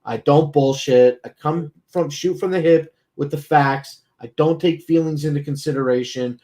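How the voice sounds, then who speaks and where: A man's voice: on the high side, normal speed, warm tone. Blunt, profane man talking casually. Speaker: streamer. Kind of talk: casual talk.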